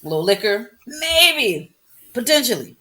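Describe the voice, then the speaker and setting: A woman co-hosting a casual chat podcast. She talks in an animated, joking way and often breaks into laughter. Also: a little high, measured pace. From United States. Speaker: podcast co-host.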